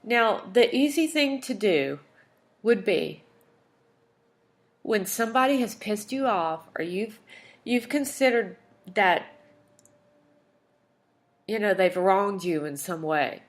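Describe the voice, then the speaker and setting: Woman podcast host with a mid-pitched voice, candid and emotional, rambling personal monologue. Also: expressive, takes it slowly, pauses often. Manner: candid, emotional, chatty with fillers and asides.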